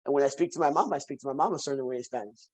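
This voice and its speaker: A man guesting on a podcast, chatting casually as an animated storyteller who repeats phrases for emphasis. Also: medium pitch, racing, slightly rough, poor audio. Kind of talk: casual conversation.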